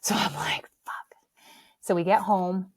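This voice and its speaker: Brief: middle-aged woman, podcast host, casual comic storyteller, animated and self-mocking. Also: fairly low pitch, normal speed.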